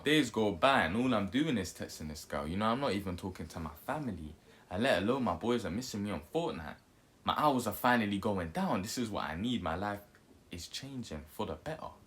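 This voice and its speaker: A young man telling a story in a casual, jokey way and acting out the quotes. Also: low-pitched. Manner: animated, jokey, acts out quotes.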